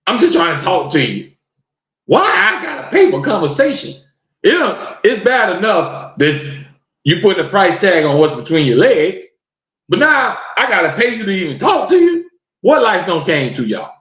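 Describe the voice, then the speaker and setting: Male podcast host, high lively voice, incredulous ranting delivery, roomy muffled lo-fi recording. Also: normal speed, pauses often. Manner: incredulous, fires off rhetorical questions. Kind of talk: live-stream rant to viewers. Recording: roomy, dull lo-fi sound.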